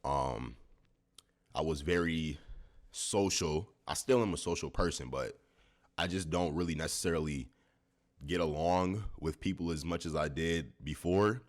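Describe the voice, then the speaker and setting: A young man vlogging to camera early in the morning, a bit tired, speaking in a thoughtful, unhurried way with many fillers. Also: very deep voice. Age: young adult. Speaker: YouTuber. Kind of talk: reflective talking-to-camera vlog.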